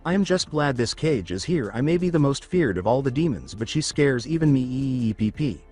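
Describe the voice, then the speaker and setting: A man voicing an ancient male fox demon in a fan storybook reading, in a plain, lively voice. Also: mid-range voice, fairly quick, faint music behind, lightly acted. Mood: wary.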